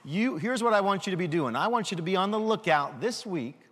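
High-voiced man preaching to children. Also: fairly quick, breathy edge, big-room sound. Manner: animated, asks children questions. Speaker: pastor giving a children's sermon. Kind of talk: children's sermon.

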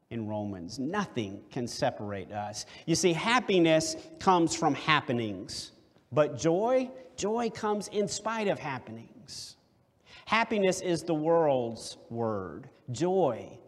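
Slow, deliberate male preacher. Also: a little high, animated. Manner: deliberate, emphatic, rhetorical questions. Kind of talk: sermon. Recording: long hall reverb.

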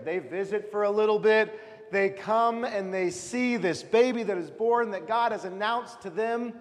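A man leading a children's Christmas nativity in a church, upbeat and coaxing the kids with stage cues. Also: sits high. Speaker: leader of a children's nativity play. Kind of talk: guiding a church Christmas pageant. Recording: long hall reverb.

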